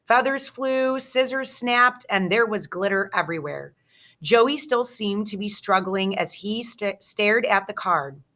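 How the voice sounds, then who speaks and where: A teacher reads a children's chapter book aloud, narrating expressively. She keeps an unhurried pace, and her voice is bright and clear. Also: medium pitch. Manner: slow, expressive storytelling.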